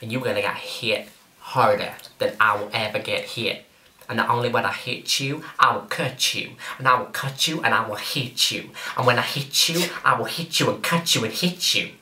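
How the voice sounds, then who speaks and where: A swaggering, drawling tough guy, played by a man in a comedy sketch, full of repetitive bluster. His voice sounds very bright and sharp. It is recorded in an echoey room. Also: mid-range voice, normal speed, a little hiss or hum. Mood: menacing. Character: swaggering threatening man with fake Southern drawl. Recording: roomy echo.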